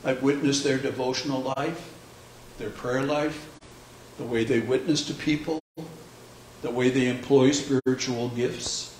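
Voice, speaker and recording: A man's voice: medium pitch, fairly even intonation, measured pace, a little mellow, a little hiss or hum. A man preaching a conversational sermon as pastor, posing rhetorical questions with dry humor. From United States. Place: church sanctuary. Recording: echoey church heard from a distance.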